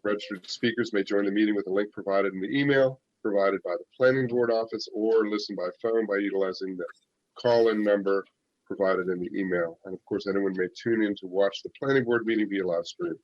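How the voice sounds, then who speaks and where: A man's voice: on the low side, steady tone, a little fast, no echo, lo-fi sound. A man chairing a public planning board meeting, running through procedure steadily with filler uhs. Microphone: virtual call.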